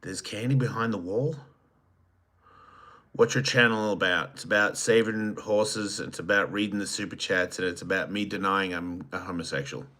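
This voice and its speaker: A man's voice: low-pitched, moderate pace, pushed and bright. A man hosting a solo livestream, reading viewer chats aloud and answering them with crude joking banter that sometimes trails off into mumbles. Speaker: podcast host.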